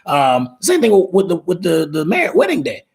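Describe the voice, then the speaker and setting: A man's voice: sits high, wildly swooping pitch, normal speed, creaky, breathy edge. A man in his thirties hosting a casual live stream, talking in a rambling way, repeating words and reading viewer comments aloud. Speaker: live show host.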